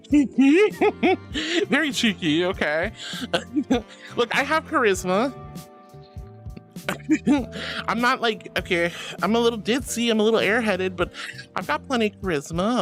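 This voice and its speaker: A bubbly, giggly woman greets her chat one by one with pet names, her mid-pitched voice swooping up and down. Faint music plays quietly behind her casual chatter. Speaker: VTuber streamer. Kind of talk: casual live-stream chat.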